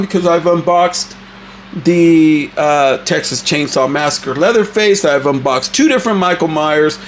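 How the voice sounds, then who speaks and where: Hyped, high-voiced toy review host. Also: male voice, a little hiss or hum. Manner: hyped, animated, casual with cussing. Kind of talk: excited unboxing review.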